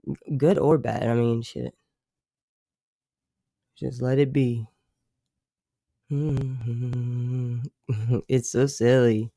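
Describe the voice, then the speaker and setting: Speaking extremely slowly with long pauses, a man with a dark, medium-pitched voice barely varies his pitch. There's no room sound, just studio-quality audio. As a casual livestream host, he rambles in slang, swears, leans on "like" constantly, and chuckles between remarks.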